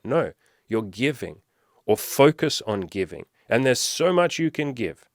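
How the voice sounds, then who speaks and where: A man's voice: on the low side, animated, normal speed, no room sound, clean studio sound. A man, a dating coach, talking casually to his viewers in an earnest, encouraging way, repeating his points and swearing now and then.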